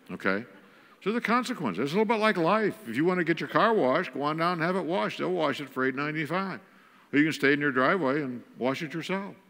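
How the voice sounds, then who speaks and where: A man's voice: medium pitch, bright, forceful tone, long reverb tail. Folksy, joking male church speaker. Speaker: guest speaker. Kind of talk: humorous sermon talk on parenting. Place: church auditorium.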